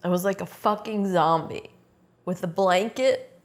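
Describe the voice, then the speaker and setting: A woman's voice: mid-range voice, measured pace. A middle-aged woman in an interview, telling a painful personal story in a raw, blunt way, swearing often and speaking with intensity.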